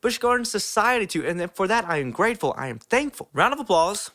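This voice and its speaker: A man's voice: sits high, big pitch swings, a little fast, pushed and bright. A young man giving an enthusiastic, casual theme park ride review, full of "like" fillers.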